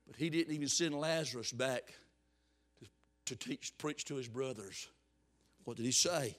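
A man preaching a fiery revival sermon, swinging from hushed tones to shouts and repeating words for emphasis. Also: on the high side, lively intonation, moderate pace, pauses often.

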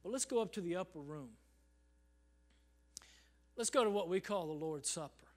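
A man preaching a sermon in a church service, swinging from loud calls to hushed near-whispers and calling "Amen?" to the congregation. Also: high voice, animated, moderate pace. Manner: acts out congregants in quoted voices, asks the crowd "Amen?".

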